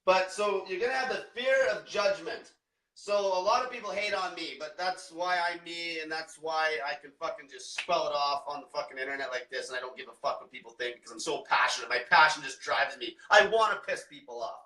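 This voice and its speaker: A man's voice: a little high, a little fast, pushed and bright, distant mic. A man in a profane livestream rant as a diet coach, brash and combative, swearing constantly. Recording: echoey room, away from mic.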